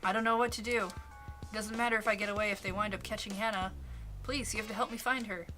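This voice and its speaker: Woman doing a panicky begging man, loud and high, music underneath. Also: moderate pace. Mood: desperate. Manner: frantic, pleading. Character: panicked man near tears.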